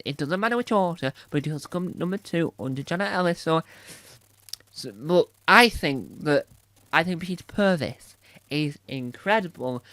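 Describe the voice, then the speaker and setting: Vlogger, rambling casual commentary, mid pitch, restarts a lot, dry close mic. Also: dry recording. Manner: rambling with many restarts and sudden loud emphasis.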